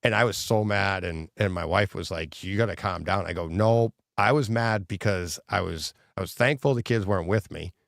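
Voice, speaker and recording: A man's voice: deep voice, normal speed, creaky, hardly any pauses, dry recording, clean studio sound. A middle-aged man co-hosting a podcast in casual chat, telling stories with lots of laughter and acted-out quotes. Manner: animated storyteller, laughs often, acts out quotes. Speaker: podcast co-host.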